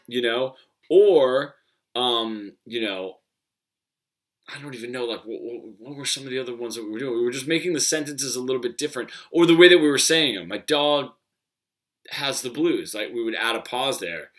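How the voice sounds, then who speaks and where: A man's voice: mid-range voice, animated, fairly quick. A man teaching guitar in a casual Q&A, explaining loosely and thinking aloud.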